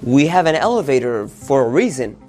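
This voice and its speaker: A man's voice: medium pitch, very animated, a little fast, darkish tone, faint music behind, close to an everyday voice. A man voicing a puzzled hotel manager who questions a guest sharply in a told story. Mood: startled. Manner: startled, questioning.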